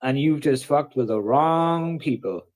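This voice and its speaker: A man's voice: fairly high pitch, measured pace, a little mellow. A man hosting a casual livestream, ranting and swearing in between jokes. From Wales. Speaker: livestream host.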